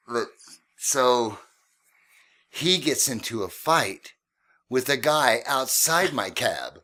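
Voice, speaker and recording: A man who drives a cab, hosting a podcast and telling taxi stories in a casual, animated way, often laughing. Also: medium pitch, slow pace, pauses often. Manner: animated, laughing, swearing storyteller.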